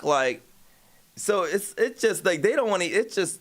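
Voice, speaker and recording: Fairly high-pitched and a bit bright, this young streamer's voice is expressive as he walks through an argument at normal speed. He meanders, curses freely, keeps starting over, and owns up to stuttering sometimes.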